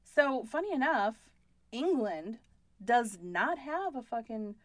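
Giggly lively woman podcaster. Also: on the high side, takes it slowly, no echo. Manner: giggly, animated, swearing freely. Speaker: podcast co-host. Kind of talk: casual chat.

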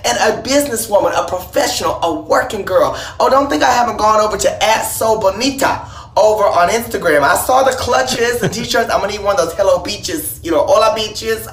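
Flamboyant drag performer, roomy phone video. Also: male voice, high voice, a bit bright. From Texas. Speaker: drag performer recording a birthday video message. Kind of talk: personalized video shout-out. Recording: roomy, distant phone video played back.

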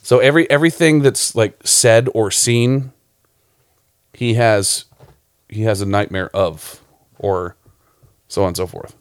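Low-voiced guy rambling about his film, lots of cursing, dry close mic. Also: a little slow, pauses often, smooth, dry recording. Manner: rambling, profane, laughs often. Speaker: film director. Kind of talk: casual podcast chat.

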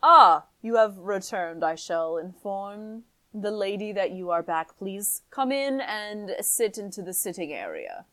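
A woman's voice: mid-range voice, sing-song, measured pace, few pauses, pushed and bright. Stuffy male butler, as a woman plays him, proper and clipped. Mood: formal. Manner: formal, stiff. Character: stiff formal male butler.

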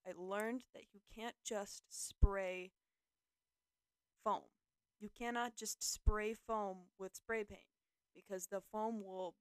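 A young woman talks through her podcast in a loose, rambling way, full of fillers and jokes at her own expense. Her voice is smooth and clear, recorded close and dry with no room sound. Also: medium pitch, no echo. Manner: rambling, self-deprecating, filler-heavy. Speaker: podcast host. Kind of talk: casual solo podcast talk.

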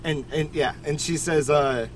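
A young man co-hosting a podcast, telling stories in an animated, casual way and swearing freely. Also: on the high side, a little slow, slight background noise. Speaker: podcast co-host. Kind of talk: casual chat.

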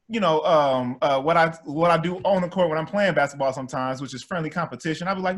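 A man who coaches spirituality, talking in a casual chat, amped and animated, laughing often. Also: a little high, fast, few pauses. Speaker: spiritual coach and former actor.

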